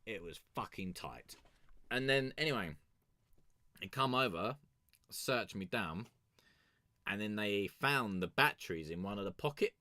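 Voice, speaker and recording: A man's voice: fairly low pitch, lively intonation, unhurried, long pauses, sharp tone, no echo. A young man hosting a music review stream, telling a rambling, sweary story in a casual chat.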